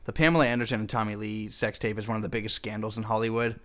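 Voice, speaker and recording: A man's voice: on the low side, level tone, rapid-fire, fairly bright tone. Easygoing male podcast co-host. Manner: easygoing, laughs often, reads news items aloud. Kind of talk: casual movie podcast chat.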